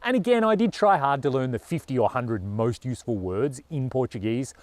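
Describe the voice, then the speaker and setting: A man's voice: medium pitch, animated, a little fast, no echo. A man with an Australian accent talking earnestly and casually to camera as a travel vlogger, with a lot of "you know".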